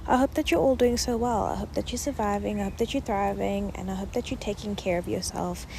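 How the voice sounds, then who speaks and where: A South African woman in her twenties chats on her podcast, bubbly and affectionate, with plenty of fillers. She is a little out of breath as she talks from her yoga mat outdoors at dusk. A faint hiss and soft outdoor ambience sit behind her voice. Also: medium pitch, brisk, gravelly. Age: 20s. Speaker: podcast host. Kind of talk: casual reflective chat.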